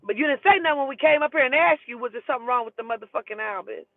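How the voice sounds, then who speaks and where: A woman's voice: sits high, very fast, noisy background. Woman ranting, tinny phone-like sound. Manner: profane, emphatic and animated. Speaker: vlogger telling a story. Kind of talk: heated storytelling rant.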